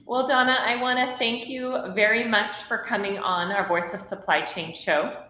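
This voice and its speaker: A woman hosting a show, asking brisk rapid-fire questions and then closing it out. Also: fairly high pitch, steady tone, pushed and bright, reverberant, slight background noise, rough recording. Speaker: podcast host. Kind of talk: interview.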